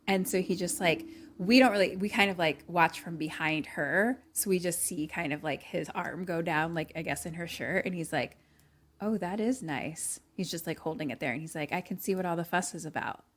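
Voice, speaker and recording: A young woman with a slightly low voice retells a film scene by scene in a relaxed podcast chat. She acts out the characters' lines as she goes and laughs often. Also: normal speed. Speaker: podcast co-host recapping a movie. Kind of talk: casual movie recap chat.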